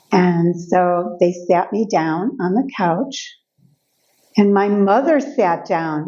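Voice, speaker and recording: An older woman speaking as a guest speaker, telling personal stories in a lively way and acting out the voices of the people in them. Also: mid-range voice, slow, muffled recording. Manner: lively storytelling, acts out quoted voices. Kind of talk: personal storytelling talk. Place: event room.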